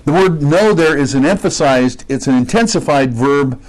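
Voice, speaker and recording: A man's voice: medium pitch, moderate pace, darkish tone, low-quality recording. A man preaching an expository sermon, stressing key words and putting questions to his listeners.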